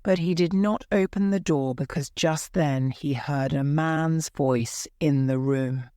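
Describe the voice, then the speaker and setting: Low-voiced woman reading a story for learners, super slow and clear, dry close sound. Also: warm tone, dry recording. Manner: slow, careful. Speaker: narrator. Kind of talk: graded reader narration for learners.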